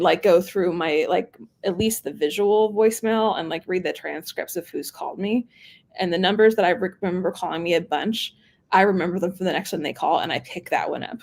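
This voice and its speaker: Woman in her 30s, sales exec guest, lively and quick to laugh, acts out calls. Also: mid-range voice. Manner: animated, laughs often, acts out quoted calls. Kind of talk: casual interview chat.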